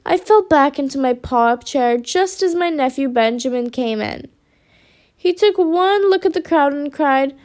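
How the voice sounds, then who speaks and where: High-voiced woman reading a kids' story. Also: normal speed. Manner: expressive, lively.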